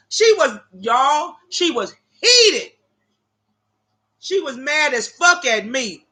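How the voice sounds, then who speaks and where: A livestreaming woman tells her chat viewers casual stories, brash and full of profanity, calling them "y'all." Her high, bright, forceful voice is animated but slow, with frequent pauses.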